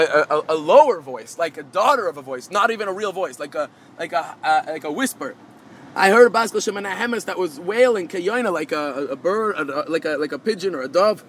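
A high-voiced man teaches a Talmud class, translating Hebrew and Aramaic phrase by phrase. He speaks haltingly with many repeated filler words, his voice a bit bright over slight hiss or hum.

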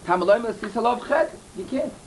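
A man's voice: very high voice, animated, brisk, a little mellow, a little hiss or hum, low-quality recording. A man giving a Torah lecture, telling stories earnestly and repeating key phrases. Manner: earnest, repeats himself, mixes in Hebrew and Yiddish terms. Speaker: Torah teacher.

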